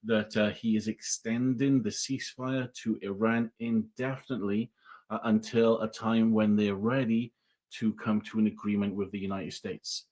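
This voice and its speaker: A man delivering a brisk breaking-news vlog update, addressing his viewers directly. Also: lowish voice, flat delivery, darkish tone. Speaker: news vlogger.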